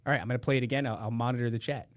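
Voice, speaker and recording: A man's voice: medium pitch, steady tone, racing, no echo. A man hosting a casual live podcast, ranting with profane, sarcastic jokes into a close mic while wearing headphones. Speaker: podcast host. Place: indoor room beside a meeting room. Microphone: headphones and close studio mic.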